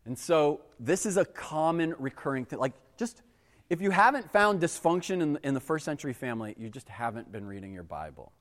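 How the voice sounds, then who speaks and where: A man giving a casual, conversational sermon as a pastor, animated and acting out exasperated voices. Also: fairly high pitch, a little fast, long reverb tail.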